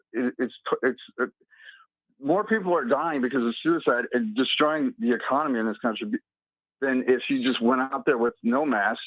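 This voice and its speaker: A man calling in to a talk radio show, fired up and talking fast, heard over a phone line. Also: mid-range voice, no room sound. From San Diego area. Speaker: caller. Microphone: telephone.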